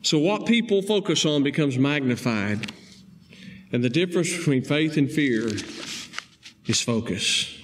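A male preacher, delivering a sermon with emphatic rising stresses and slow, deliberate key phrases. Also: a little high, lively intonation, a little hiss or hum.

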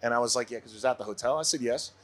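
A man in his forties from Brooklyn, a podcast guest telling a story in a casual, animated way and laughing often. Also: medium pitch, very fast. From Brooklyn, USA.

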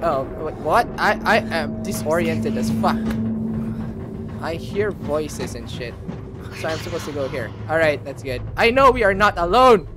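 A man's voice: a little high, lively intonation, unhurried, over loud music. Jumpy, swearing young man gamer. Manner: jumpy, swears a lot, screams at scares. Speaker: gaming channel host. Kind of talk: horror game let's play commentary.

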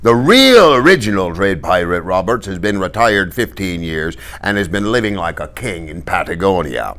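A man voicing an older pirate captain who speaks briskly and commandingly. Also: low voice, very animated, a bit bright. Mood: confiding. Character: jovial older male pirate captain, blunt.

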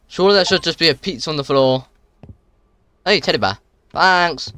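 A young man giving jumpy, excitable commentary while playing a horror game for his viewers. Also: a little high, normal speed, long pauses, dry recording. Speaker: gaming channel host.

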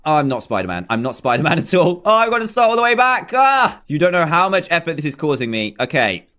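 A man's voice: a little high, sing-song, quick pace, a bit bright. A young man commentating his own game play, chatty, self-mocking and easily flustered. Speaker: gaming YouTuber.

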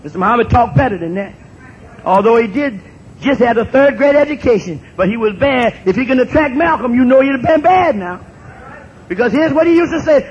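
A man in his sixties gives an impassioned public talk to an audience. He repeats phrases for emphasis and builds up to shouts. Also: animated, brisk. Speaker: speaker addressing an audience. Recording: dull lo-fi recording with faint rumble.

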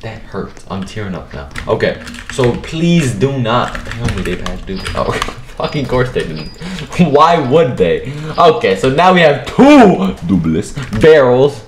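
Excitable swearing young man gaming. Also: mid-range voice, a little slow, a little hiss or hum. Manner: excitable, profane, jumps to shouting. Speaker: gaming video creator. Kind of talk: live gameplay commentary. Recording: echoey room with keyboard clatter. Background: keyboard clicks and typing.

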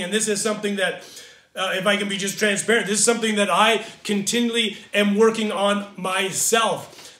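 A man's voice: high voice, sharp tone, echoey room. A man from Southern California preaching a sermon as pastor, earnest, often repeating and restarting phrases. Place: church in Pacific Northwest.

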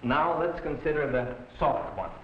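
A male language professor giving a patient, deliberate pronunciation lecture to a class. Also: on the high side. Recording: muffled roomy 1960s film soundtrack.

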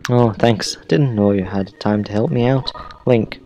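A man's voice: fairly low pitch, measured pace, warm tone, slight background noise, poor audio. A man voicing a skinny, eager young male student in an odd put-on accent, reading game dialogue aloud.

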